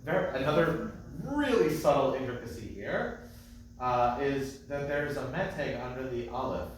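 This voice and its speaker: A man's voice: mid-range voice, animated, slight background noise. Man chanting lessons in an echoey room. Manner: patient, explains details, chants phrases slowly. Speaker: cantor teaching Torah chanting. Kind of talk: class teaching with sung examples. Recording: echoey distant room mic.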